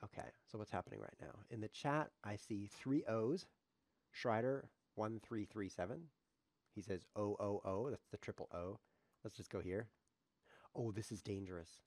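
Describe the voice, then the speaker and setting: A man streaming live chess commentary, joking and mocking himself, muttering quietly while he thinks over his moves. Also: on the low side, normal speed, dry recording. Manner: joking, self-mocking, animated.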